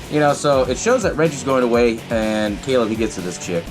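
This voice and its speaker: A man hosting a podcast, casually recapping a film in a profane, animated way and acting out the characters' lines. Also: mid-range voice, fast talker, over music. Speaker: podcast host.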